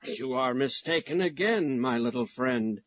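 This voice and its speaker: A man voicing a composed male stranger who speaks in a calm, reassuring way. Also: medium pitch, a little slow, no room sound, close to an everyday voice. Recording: dull lo-fi recording.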